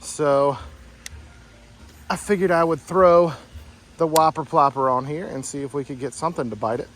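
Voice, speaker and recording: With a rather high voice at a moderate pace, a southeastern Virginia man chats casually as he vlogs his outdoor pond fishing, excitedly exclaiming again and again. There is slight background noise, along with faint music.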